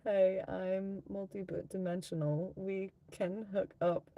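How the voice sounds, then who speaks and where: A New Zealand woman in her 30s hosts a casual livestream, trading crude, giggly, teasing banter with viewers and laughing often. Her mid-range voice is creaky and delivered flatly at a slow pace, and the sound quality is lo-fi.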